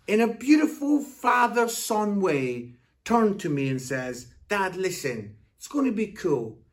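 Lively Scottish man preaching. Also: fairly high pitch. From Scotland. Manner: storytelling, animated, drops to soft earnest tone. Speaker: pastor. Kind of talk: Father's Day sermon to camera.

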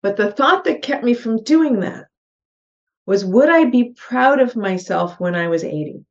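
A woman's voice: fairly high pitch, animated, a little slow. A middle-aged woman, a podcast guest, earnestly telling a personal story and acting out her own thoughts in quotes. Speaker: podcast guest, real estate investor. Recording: slightly dull, muffled podcast audio.

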